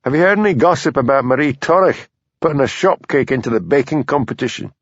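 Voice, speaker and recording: A man voicing a patient village policeman who talks in a gentle, plain-spoken way. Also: mid-range voice, lively intonation, quick pace, no room sound, voice pushed up. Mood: calm. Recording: dull dry lo-fi audio.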